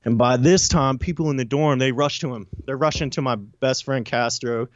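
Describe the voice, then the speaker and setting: A man in an interview recounting a personal story, animated and profane, with lots of "you know" and "I'm like". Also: mid-range voice, normal speed, no room sound, muffled recording. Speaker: interview guest.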